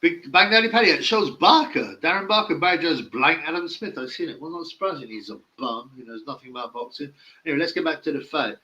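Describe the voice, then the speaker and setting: Blunt man with a bright voice. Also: fairly high pitch, expressive, fast talker, muffled recording. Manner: blunt, mocking and opinionated. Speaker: live-stream boxing commentator. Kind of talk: casual live-stream commentary.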